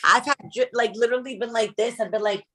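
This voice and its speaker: A woman co-hosting a casual chat, her voice bright and sharp-edged. She talks loudly, with exclamations and frequent laughter. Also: fairly high pitch, steady tone, fast talker, slightly rough. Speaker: podcast co-host.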